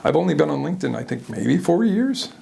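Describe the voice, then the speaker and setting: A man speaking as an interview guest, candid and animated, often laughing at himself as he tells his own story. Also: on the high side, a little fast, gravelly, breathy edge.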